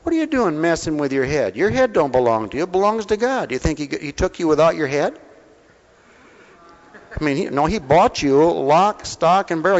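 A man preaches a homespun sermon, his voice sitting a little high. He draws listeners in with coaxing questions and calls them honey. The sound is dull and muffled, with long reverb from a large hall. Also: lively intonation, brisk. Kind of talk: folksy sermon. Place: mission hall.

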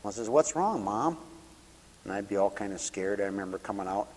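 A man preaching a radio sermon with passion, swelling loud on scripture and dropping low to tell stories. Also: lively intonation, fairly quick. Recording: long hall reverb.

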